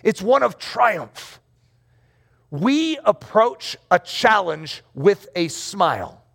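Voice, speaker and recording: A lively middle-aged pastor delivers a sermon in a room full of chairs. His voice sits high, with a gravelly edge and wide, animated swings in pitch. He keeps it playful, acting out scenes and breaking into shouts to drive his points home. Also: takes it slowly.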